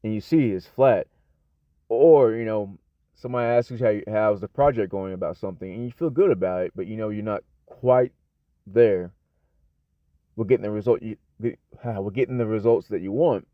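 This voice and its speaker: Speaking at a moderate pace in a lowish voice, an American man improvises a casual English lesson. As a teacher, he rambles, restarting and correcting himself with lots of fillers. The audio is dull, lo-fi and dry, without echo.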